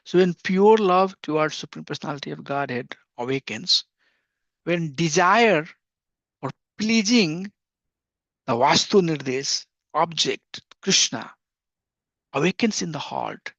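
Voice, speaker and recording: Middle-aged male teacher, earnest, gravelly, dull dry lo-fi recording. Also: on the high side, a bit bright, dry recording. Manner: earnest, repeats phrases, chuckles. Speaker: spiritual teacher. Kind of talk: devotional class lecture.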